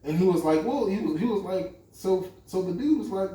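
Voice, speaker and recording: A man's voice: sits high, fairly quick, hardly any pauses. A young man on a podcast, telling a long personal story in casual, profane talk and acting out the lines of the people in it. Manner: animated, profane storytelling with lots of quoted dialogue. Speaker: podcast co-host. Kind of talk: casual storytelling among friends. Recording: echoey room, mic at a distance.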